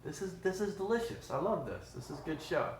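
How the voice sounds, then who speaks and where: A man's voice: high-pitched, lively intonation, brisk, slight background noise. An upbeat, chatty man, hosting a casual live stream from his home kitchen. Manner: upbeat, chatty, says "y'all" a lot. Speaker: livestream host. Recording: roomy echo.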